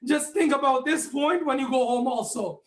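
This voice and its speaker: A man delivering an impassioned sermon to a congregation, often raising his voice to a near shout and putting questions directly to his listeners. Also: very high-pitched, moderate pace. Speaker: speaker at a mourning gathering. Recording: echoey hall.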